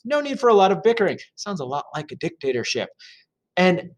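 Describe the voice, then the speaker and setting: A male teacher reads through a lesson and talks it over in a chatty, joking way. His voice sits a little high and swings lively up and down, with plenty of fillers between points. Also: a little fast. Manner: chatty, jokey asides, frequent fillers. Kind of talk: reading and explaining a lesson.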